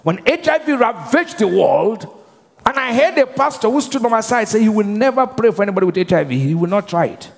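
A male pastor with a high voice preaches to his congregation. He leaves questions hanging for the crowd to answer. His voice rings out through the long reverb of a large church hall. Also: sing-song, brisk, gravelly. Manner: call-and-response preaching, asks the congregation to finish his sentences. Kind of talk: sermon.

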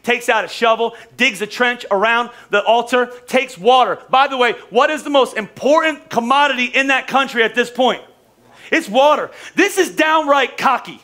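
An American pastor preaching a sermon in an animated, joking way, with quick restarts. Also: male voice, extremely high pitch. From United States. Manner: animated, joking, talks fast with frequent restarts.

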